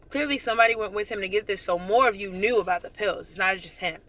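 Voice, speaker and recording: A young adult drill sergeant retells events in a loose, talkative vlog style, full of "like" and quick asides. The voice sits at a middle pitch with a bright, forceful edge. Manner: chatty, animated retelling with frequent "like". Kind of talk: casual storytelling vlog.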